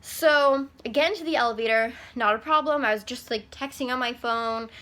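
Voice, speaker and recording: A young woman tells a story to her camera in a loose, rambling way, sprinkling "like" through nearly every sentence. Her voice is bright and sits a little high. The delivery is casual and conversational. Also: fairly quick. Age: young adult. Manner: chatty, rambling, filler-heavy with frequent "like". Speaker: vlogger.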